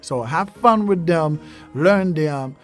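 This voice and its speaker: A man's voice: on the high side, slow pace, faint music behind. A man hosting a podcast, teaching useful phrases casually, repeating each one and using plenty of fillers. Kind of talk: casual language lesson.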